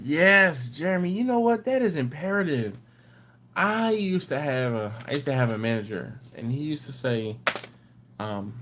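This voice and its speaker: Man, livestream host, mid pitch, casual chat, rambling anecdotes, faint background hum. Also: moderate pace. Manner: rambling storyteller, animated when telling anecdotes. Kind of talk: casual live chat reading viewer comments.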